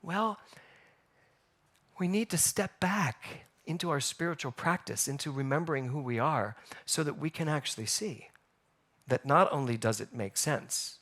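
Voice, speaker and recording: A man delivers a Sunday sermon as pastor, his voice pitched a little high. He swings between quiet reflection and animated storytelling, asking the room questions as he goes. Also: unhurried. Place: church sanctuary.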